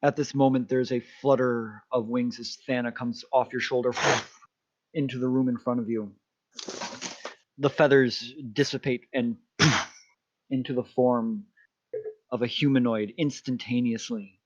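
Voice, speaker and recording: Male game master, deliberate narrator, dry and slightly lo-fi. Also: medium pitch, fairly even intonation, no echo. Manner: descriptive, unhurried narration. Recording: dull lo-fi mic.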